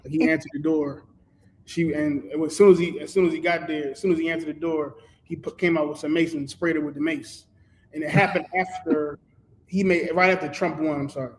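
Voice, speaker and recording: A man's voice: fairly high pitch, steady tone, brisk, a little hiss or hum, low-quality recording. A man telling a story on a panel, rambling and stopping to correct himself. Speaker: show panelist. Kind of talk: casual storytelling.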